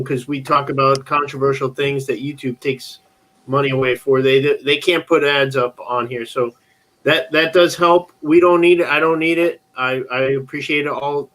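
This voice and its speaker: A man hosting a casual livestream chat, excitable and stumbling over his words. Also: mid-range voice, moderate pace. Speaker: host.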